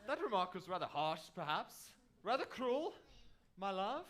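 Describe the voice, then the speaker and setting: A vain, moth-eaten duke from a staged operetta, played by a man. He declaims pompously in a fairly high, bright voice. Recorded live on stage. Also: big pitch swings, a little slow, heavily acted. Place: theatre stage, live performance.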